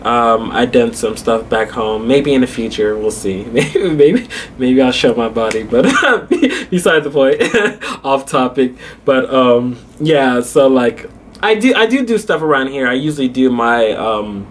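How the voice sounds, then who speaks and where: A man's voice: mid-range voice, animated, a little slow, a little hiss or hum. A young man vlogging casually, telling a story with lots of fillers and frequent laughter.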